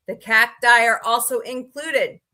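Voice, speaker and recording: Sarcastic bright-voiced woman streaming. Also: on the high side, fairly even intonation, unhurried. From United States. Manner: sarcastic, reads quirky laws and greets chatters by name. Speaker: livestream comedy host. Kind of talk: casual comedic livestream chat.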